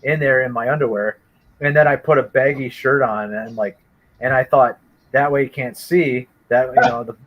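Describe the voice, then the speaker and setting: Man guest, mid pitch, rambling storyteller voice, casual chat. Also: normal speed, dull audio. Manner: rambling animated storytelling with many restarts.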